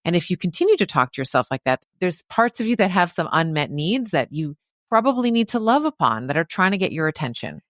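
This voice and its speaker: A woman guest on a podcast talks in a conversational way, and her pitch swoops widely while she speaks. Her voice sits a little low, and the close mic keeps the sound dry. She slips into playful character voices to act out her examples. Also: fast, no room sound. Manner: lively, acts out baby talk and inner critic voices. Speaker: guest doctor. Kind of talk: animated conversational interview.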